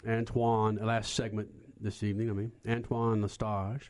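A man's voice: lowish voice, little pitch movement, moderate pace, a little mellow. A man hosting a motorsports radio talk show, brash and joking, stuffed up with a head cold.

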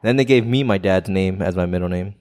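Laid-back low-voiced man chatting. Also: a little fast, a little mellow. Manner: laid-back, trailing off, swears casually. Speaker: podcast co-host. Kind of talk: casual chat.

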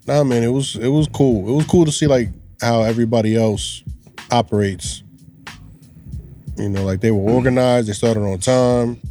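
A man co-hosting a casual chat, relaxed and explanatory, laughing easily. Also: mid-range voice, normal speed, faint music behind.

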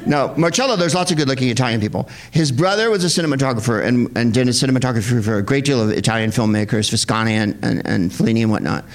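Man, film screening host, rambling comic talk, sardonic, profane, lively pitch. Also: fast, hardly any pauses. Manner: rambling, sardonic, profane, with sudden high-pitched put-on voices. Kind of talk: comic talk introducing a film to a live audience.

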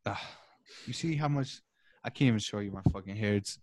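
Swearing heavily, a young adult podcast co-host goes on mock-passionate, dramatic rants in casual conversation over a video call. His voice is on the low side and a little mellow, his pace fairly quick, with no echo in the recording.

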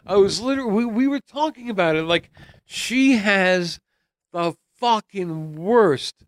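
A man's voice: high voice, lively intonation, measured pace, dry recording. A man co-hosting a podcast, chatting casually about a movie in a profane, incredulous way. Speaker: podcast co-host. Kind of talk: casual movie review chat.

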